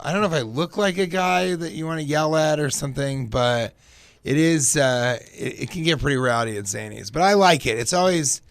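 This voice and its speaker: A man guest comedian chatting in a casual radio interview, an animated storyteller who slips into quoted voices of people he meets. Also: fairly high pitch, dry recording. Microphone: studio microphone.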